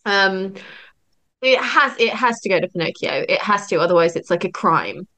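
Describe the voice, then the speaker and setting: A woman's voice: medium pitch, lively intonation, normal speed, pushed and bright. Gushing young woman podcast guest. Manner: gushing, emotional, laughs often. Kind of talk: casual roundtable chat.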